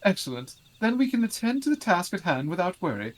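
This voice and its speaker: A man's voice: sits high, very animated, a little fast, pitched above the performer's own voice. A man voicing a pompous, anxious male scholar, reading game dialogue aloud with a fussy, pleading manner. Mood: formal.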